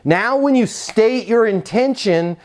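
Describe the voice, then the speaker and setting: A man giving a conversational sales coaching talk and pitch, asking rhetorical questions along the way. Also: lively intonation, takes it slowly, darkish tone. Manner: conversational, asks rhetorical questions, acts out quotes.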